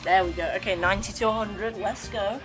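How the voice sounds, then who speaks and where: A woman's voice: medium pitch, steady tone, fairly quick. Young adult woman, game streamer, casual slangy chatter, game music playing behind. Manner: slangy, rambling, talks to chat. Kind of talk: casual live-stream chat while gaming.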